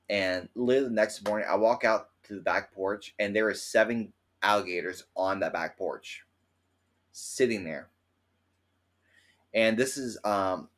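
A man co-hosting a casual podcast, telling stories in an animated way and acting out the quotes. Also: low voice. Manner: animated storyteller who acts out quotes. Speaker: podcast co-host.

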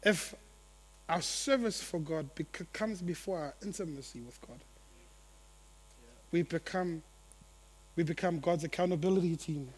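A man with a fairly high voice preaches to his church with lively energy. He swings between loud, excited bursts and low, quiet stretches, and acts out the people in his story in little voices. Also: measured pace, pauses often, breathy edge. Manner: animated, acts out quotes, laughs at own jokes. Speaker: pastor. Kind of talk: sermon.

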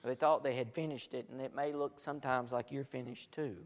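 A man preaching a sermon, swinging from loud proclamation to hushed near-whispers, recorded in a church sanctuary. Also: medium pitch, steady tone, brisk. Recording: long hall reverb.

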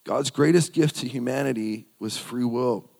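A man's voice: medium pitch, normal speed, creaky, darkish tone, long reverb tail. A man preaching a sermon, reading scripture aloud and repeating phrases for emphasis.

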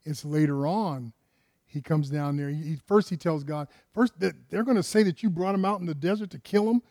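A man's voice: fairly high pitch, brisk, warm tone, no echo, studio quality. A man preaching a conversational sermon, firing rhetorical questions at his listeners and often repeating words and restarting phrases.

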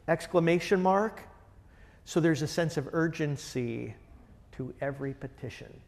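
A man teaching a Bible study, enthusiastic and conversational, putting questions to the group. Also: fairly high pitch. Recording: long reverb in a large room.

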